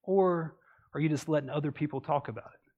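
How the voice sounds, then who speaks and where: A man delivers a sermon in a higher-than-usual male register. His delivery is earnest, and he often stacks rhetorical questions to draw the listener in. He speaks like a pastor teaching from the pulpit. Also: a little fast, phone-quality sound.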